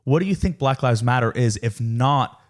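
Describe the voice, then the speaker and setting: A man's voice: mid-range voice, expressive, moderate pace. A young adult man co-hosting a casual podcast, chatting loosely with lots of "like" fillers. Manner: casual, fills with "like". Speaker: podcast co-host, son.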